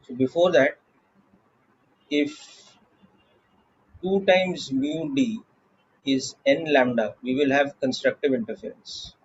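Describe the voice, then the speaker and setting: A man with an Indian English accent teaching a physics class, explaining slowly and checking in with "okay" often. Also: mid-range voice, lively intonation, slightly rough, lo-fi sound. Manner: slow, deliberate explaining with frequent "okay" checks. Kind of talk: classroom lecture.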